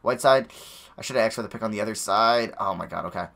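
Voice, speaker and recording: A young man giving nervous, excitable live commentary over a basketball video game, talking to his players on screen, his voice going hoarse. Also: fairly low pitch, fast. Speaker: gaming YouTuber.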